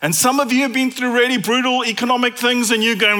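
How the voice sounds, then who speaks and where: A South African man preaching with a high, bright voice. He delivers the sermon with animated energy, acting out imagined conversations and repeating key phrases to drive them home. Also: quick pace. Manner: animated, acts out imagined dialogue in different voices.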